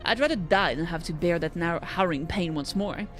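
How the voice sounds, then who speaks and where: A woman's voice: on the low side, a little fast, fairly bright tone, soft background music. A woman streamer reading a game's story aloud, sometimes stumbling and correcting herself.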